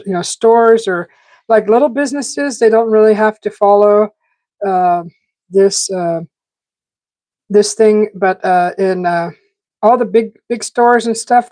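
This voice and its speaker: A woman's voice: mid-range voice, warm tone, dry recording. Chatty woman streaming live, dry sound. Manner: rambling, chatty, many fillers and restarts; talking while eating. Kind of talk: casual live-stream chat. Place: home garden setting.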